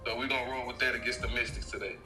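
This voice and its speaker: Southern man, bright voice, echoey. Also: medium pitch, steady tone, racing. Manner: laid-back slangy talk. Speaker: guest sports bettor. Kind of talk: casual livestream chat. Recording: echoey with music behind.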